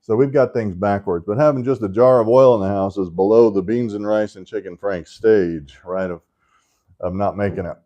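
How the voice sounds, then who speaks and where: A man's voice: fairly low pitch, moderate pace, dark tone, muffled recording. A man teaching a Sunday school class in a casual, conversational way, tossing in joking asides and often checking in with "right?".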